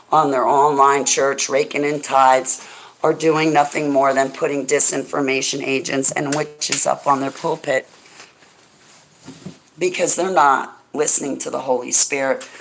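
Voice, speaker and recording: A woman's voice: low-pitched, poor audio. Emotional woman hosting a religious talk show. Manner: emphatic, emotional, addresses a listener directly. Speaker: radio show host.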